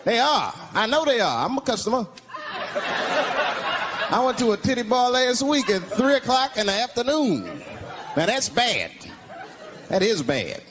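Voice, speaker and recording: Male stand-up comic, high, lively and profane, on a noisy live recording over roaring audience laughter. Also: unhurried, long pauses, a crowd in the background. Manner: animated, profane and incredulous. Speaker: stand-up comedian. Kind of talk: stand-up comedy.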